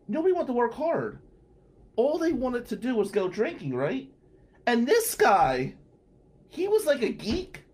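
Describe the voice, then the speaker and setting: A man in his forties hosting a podcast, telling a blunt, profane story in a casual monologue. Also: sits high. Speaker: podcast host, defense attorney.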